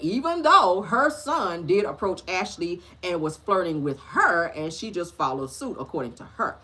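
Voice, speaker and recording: Woman gossip host, husky and sassy, loose slangy delivery with big swoops in pitch. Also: moderate pace, few pauses. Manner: animated, sassy, slangy, lively pitch swings. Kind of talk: casual gossip commentary.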